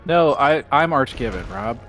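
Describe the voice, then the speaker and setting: A young man co-hosting a live gaming podcast, rambling through his anecdotes in a casual, mid-pitched voice. He breaks into small laughs mid-sentence. Faint music plays behind him. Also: animated, normal speed, a bit bright. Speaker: podcast co-host. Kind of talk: casual chat on a gaming stream.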